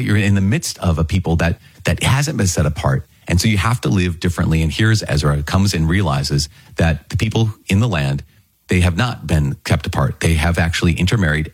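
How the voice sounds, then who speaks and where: Deep husky guy preaching a homily, chatty and earnest, dry close sound. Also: dry recording. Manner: conversational, earnest, with frequent restarts and asides. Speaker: priest. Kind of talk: sermon on scripture readings.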